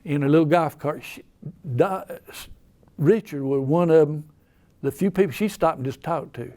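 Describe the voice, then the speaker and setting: A man's voice: fairly high pitch, normal speed, mellow. An older man with an Appalachian accent, telling rambling, folksy stories in casual talk. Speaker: storyteller. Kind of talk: casual storytelling.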